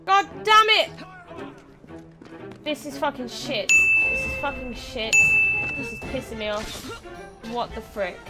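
Female game streamer with a unhurried, high, swooping voice, foul-mouthed and quick to snap at the game. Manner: swears often, quick angry outbursts. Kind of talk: live gameplay commentary. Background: game music.

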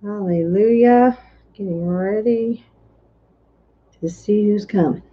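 A woman's voice: mid-range voice, slow. A woman minister on a casual livestream, chatting and greeting viewers one by one with frequent hallelujahs, from a hotel room. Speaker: prophetess and minister. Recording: dull lo-fi livestream audio.

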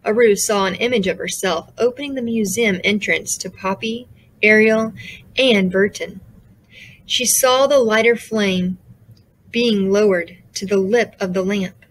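A woman's voice: mid-range voice, a little slow, poor audio. Woman narrating a children's audiobook. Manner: steady storytelling with character voices. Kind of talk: scripted narration.

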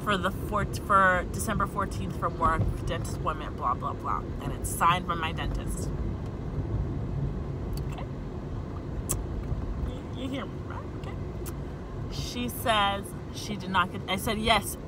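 A woman's voice: fairly low pitch, a little slow, pauses often, heavy background noise. A woman from the United States telling a long, irritated story to her vlog viewers and checking in with "okay?" as she goes. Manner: exasperated, repeats "okay?" to the viewers, talks through restarts. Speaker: vlogger. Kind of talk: casual vlog rant to camera.

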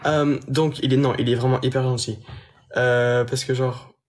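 A man's voice: mid-range voice, little pitch movement, normal speed. A young man with a Belgian French accent, reading viewer comments aloud on a phone live stream and answering them casually in English and French.

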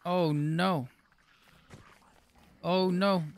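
A man streaming a game live, bantering with his chat. His voice sits fairly high, and the talk is loose and jokey with frequent laughs. Now and then he switches to a stiff, mock-formal tone as a gag. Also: fairly even intonation, very slow, vocal fry. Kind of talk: live gameplay commentary, reading chat.

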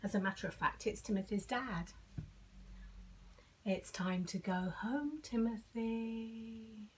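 A woman's voice: mid-range voice, animated, a little slow, a little hiss or hum. An older woman at home reading a picture book aloud to children, sing-song with dramatic whispers. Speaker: storyteller.

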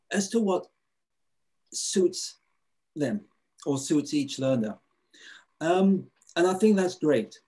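This webinar presenter speaks over a video call in a slightly high, darkish, somewhat rough voice. He's keen and excitable as he teaches online, often stumbling into fillers and starting sentences over.

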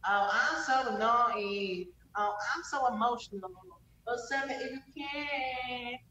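A man's voice: high voice, moderate pace, pushed and bright, echoey room, far from the mic, a little hiss or hum, rough recording. A man voicing a whiny, lovelorn hillbilly man who sing-songs his woes with a mock twang. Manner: sing-song, melodramatic self-pity.

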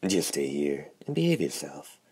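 A man reading the lines of a hoarse, wry, sardonic talking hand symbiote in an audiobook. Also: a bass voice, sing-song, normal speed, dark tone, dry recording, heavily acted. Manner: wry, drawling.

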